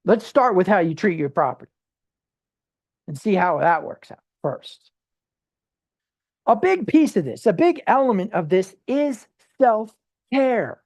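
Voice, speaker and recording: A Bible study teacher speaking informally, with many rhetorical questions and quick restarts, sometimes acting out everyday people in short quoted asides. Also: medium pitch, very animated, darkish tone.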